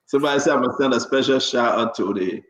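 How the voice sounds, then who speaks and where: A man's voice: medium pitch, quick pace, a bit bright. Man greeting viewers in an echoey room. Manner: reads out viewer names one by one, stumbling over hard ones. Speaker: show host and preacher. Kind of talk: live show greetings. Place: New Jersey area.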